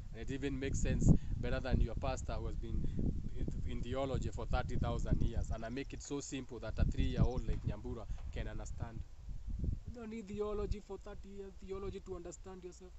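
A man's voice: medium pitch, dull audio, heavy background noise. Joking Kenyan man preaching spirituality. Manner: joking, laughs often, swings between teasing and preachy. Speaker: spiritual talk host. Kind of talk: casual spiritual monologue.

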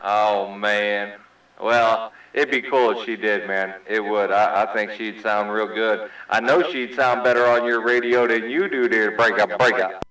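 A man's voice: lowish voice, fairly even intonation, measured pace, bright, forceful tone, a little hiss or hum. A man hosting a casual CB radio chat, making friendly jokes and using radio lingo. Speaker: CB radio host. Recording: roomy CB radio audio heard from a distance.

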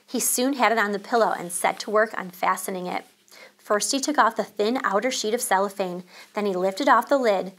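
A woman teacher reading a children's chapter book aloud, calm and expressive. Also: medium pitch.

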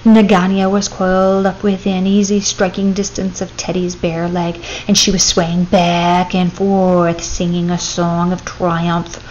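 A woman reading a classic children's story aloud as a storyteller, with expressive, steady pacing. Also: fairly low pitch, a little slow, hardly any pauses, highs cut off, slight background noise.

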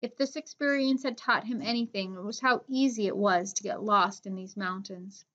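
A woman narrating a children's adventure story in a steady reading voice. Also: mid-range voice, normal speed, lo-fi sound. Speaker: audiobook narrator. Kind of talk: scripted narration.

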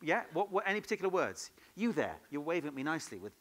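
A man leading an improv workshop at a conference, in a lively, playful way, throwing questions to the audience. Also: fairly high pitch, fast. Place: conference hall.

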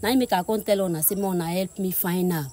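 A woman's voice: on the low side, fairly even intonation, quick pace, dark tone, dry recording. A middle-aged woman with a Nigerian accent, pleading and blunt in a comic street-interview skit.

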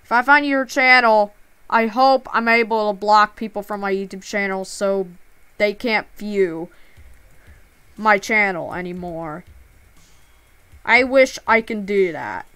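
A woman's voice: mid-range voice, measured pace, long pauses, sharp tone, smooth, no echo. A woman streaming a game live, upset and close to tears, talking in stammering restarts with a plaintive tone.

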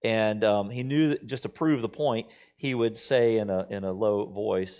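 A man's voice: fairly low pitch, a little slow, darkish tone. A middle-aged man preaching a sermon as pastor, talking conversationally and telling stories, sometimes acting out other people's lines. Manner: conversational storytelling, quoting others in shifting voices.

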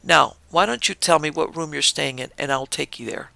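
The gentle ghost of a tall old cowboy, as a male narrator puts him on, speaking in a soft, coaxing drawl. The voice is gravelly and bright, with a dry, close sound. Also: on the high side, moderate pace, no echo, heavily acted.

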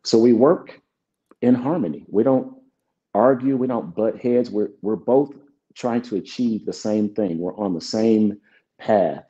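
This is an unhurried, fairly low-pitched male voice with a dark tone. The speaker, a middle-aged songwriter being interviewed, casually recounts stories and performs both sides of earlier conversations, recorded with dull lo-fi quality.

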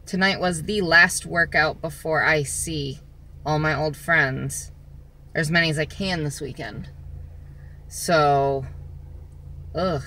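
A woman chatting casually in a vlog, rambling along with lots of filler pauses, filming herself on a phone outdoors. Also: low voice, bright, forceful tone, slight background noise. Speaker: vlogger. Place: outdoors in the sun.

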